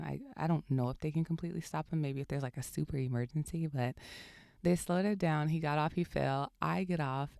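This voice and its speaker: A woman's voice: low voice, gravelly, warm tone, no echo, studio quality. A young woman hosting a podcast, casually telling a story and often laughing as she talks. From California. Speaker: podcast host.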